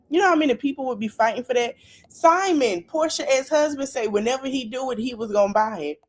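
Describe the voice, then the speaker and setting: A woman's voice: sits high, a little fast. A woman hosting a casual livestream podcast, chatting straight to her viewers with plenty of asides. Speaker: podcast host.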